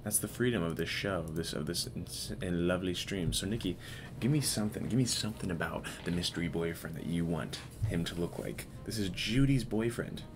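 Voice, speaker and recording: A low-pitched man hosts a live stream against a noisy background, talking briskly with hardly any pauses. He chats casually with viewers while working, playful and teasing toward the chat.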